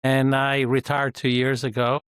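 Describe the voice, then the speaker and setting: A man in later career, retired from running a large company, answers interview questions in a measured, thoughtful way. His voice sits in a middle pitch, recorded close and dry with no room sound. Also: little pitch movement, fairly bright tone, clear, resonant tone, no echo. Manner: measured, reflective, with frequent fillers. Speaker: podcast guest, retired executive.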